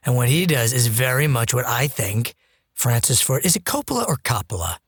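Husky-voiced man, playful podcast banter. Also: medium pitch, normal speed, dry recording, clean studio sound. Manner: playful, teasing. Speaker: podcast co-host. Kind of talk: casual chat.

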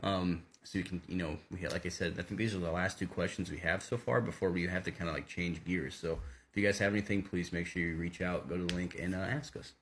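A man's voice: deep voice, fairly even intonation, quick pace, a bit bright, slight background noise. A young man co-hosting a casual faith podcast, rambling with many fillers and restarts. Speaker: co-host.

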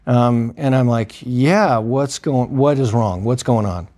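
A man's voice: mid-range voice, slow pace, a little mellow. A man with an ordinary mid-range voice recounts a shift in emergency medicine. He talks loosely and conversationally, with plenty of fillers, and slips into the voices of the people in his story. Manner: conversational, acts out quoted dialogue, frequent fillers. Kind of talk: casual spoken storytelling.

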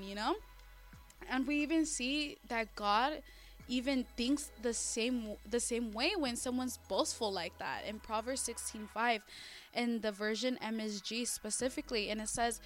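A woman's voice: fairly high pitch, unhurried, soft background music. A woman in a casual faith discussion, talking animatedly with frequent restarts and acted-out quotes.

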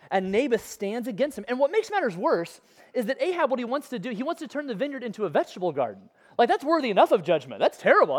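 A preacher delivering a sermon in a relaxed, conversational way, retelling a scripture story. The voice sits at a middle pitch but swings up and down with real animation. Playful asides break up the storytelling.

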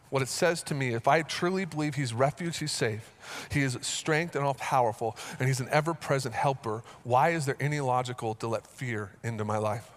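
A man preaching as a pastor speaks in a fairly high voice, earnest throughout. He repeats phrases along the way and climbs into animated storytelling.

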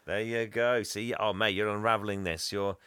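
A man's voice: fairly low pitch, fairly even intonation, fairly quick, fairly bright tone, clean tone, no echo. A man recapping a movie in casual chat, laughing often and rambling as he retells scenes. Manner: laughing, rambling storyteller, acts out characters. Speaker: podcast co-host.

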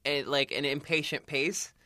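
A young man co-hosting a casual podcast, full of quick wisecracks and swearing. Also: fairly high pitch, level tone, bright, forceful tone, no echo, clean studio sound. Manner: joking, quick with wisecracks, profane. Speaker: podcast co-host.

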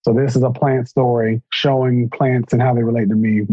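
A man in casual chat, telling family stories in an earnest, reflective way, with a husky voice. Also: medium pitch, flat delivery, normal speed, no room sound. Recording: dull, dry recording.

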